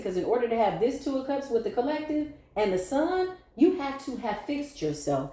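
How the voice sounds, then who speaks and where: A woman reads tarot for a collective audience in a sassy, blunt, playful way, with some swearing. Her voice sits at an ordinary middle pitch. The room around her rings with noticeable echo. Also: dark tone. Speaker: tarot reader.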